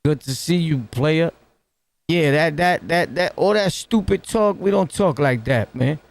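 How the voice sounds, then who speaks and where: Gravelly New York man, streetwise talk. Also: fairly high pitch, a little slow. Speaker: reaction streamer. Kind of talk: casual commentary. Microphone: close to the mic.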